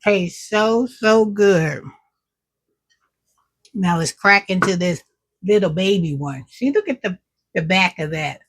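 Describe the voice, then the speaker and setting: A woman's voice: on the low side, expressive, moderate pace, fairly bright tone, breathy edge. A middle-aged woman hosting her own cooking vlog, chatting with viewers while she tastes her food. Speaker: cooking vlogger. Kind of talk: casual cooking vlog chat.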